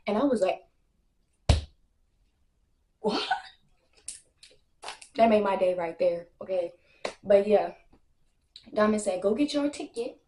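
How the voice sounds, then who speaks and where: A woman's voice: mid-range voice, slow pace, pauses often, slight background noise. Young woman spilling the tea, brash and cussing, acts out everybody's lines, kinda echoey room. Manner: animated, brash, lots of slang and profanity; acts out other people's lines in quotes. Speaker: storytime vlogger. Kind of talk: casual storytime.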